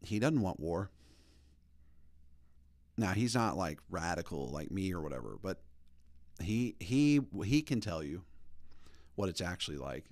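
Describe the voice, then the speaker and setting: A man in his thirties hosting a podcast, telling stories in a rambling, animated way. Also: sits low, measured pace, long pauses, no room sound, studio quality. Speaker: podcast host. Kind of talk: casual opinion talk.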